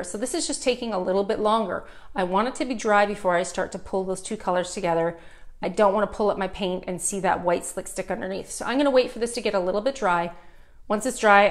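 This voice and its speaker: A middle-aged woman with a Canadian accent, giving a chatty, upbeat live furniture painting tutorial and talking straight to her viewers. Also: medium pitch.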